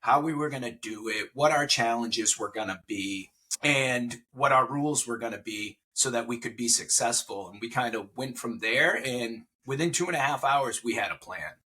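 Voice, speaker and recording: In a casual interview chat, a man in his forties appears as a podcast guest and grows emotional while telling a personal story. His husky, bright voice sits in the mid range, carrying a forceful tone at a moderate pace.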